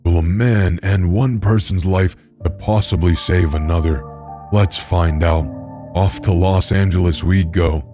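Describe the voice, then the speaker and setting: A man voicing a sadistic male villain who hosts a dark-web show, cold, mocking and theatrical, in a horror story. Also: sits low, fairly even intonation, a little slow, soft background music. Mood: showman.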